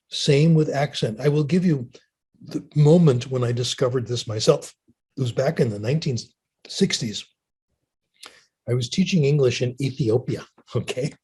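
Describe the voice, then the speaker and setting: A man's voice: mid-range voice, mellow, slightly rough. An older man giving a lecture and answering audience questions, chatty and storytelling, often asking "okay?". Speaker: linguist giving a talk.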